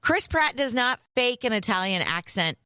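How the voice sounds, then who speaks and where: A woman's voice: on the high side, sing-song, normal speed, pushed and bright, clear, resonant tone, dry recording, studio quality. A middle-aged woman co-hosting a radio show, chatting casually in an upbeat, plain-spoken way. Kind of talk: casual banter.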